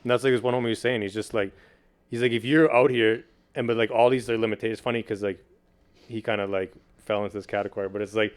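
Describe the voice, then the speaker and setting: Male guest, low-pitched, fast and loose delivery, relaxed slang-heavy chat. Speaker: podcast guest, video producer and beatmaker. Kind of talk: casual chat.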